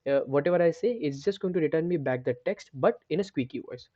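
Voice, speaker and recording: A man's voice: on the high side, fast talker, warm tone, dry recording, highs cut off. A man hosting a coding tutorial, explaining step by step and checking in with repeated "right?" and restarts. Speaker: programming tutor. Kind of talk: screen-share coding tutorial.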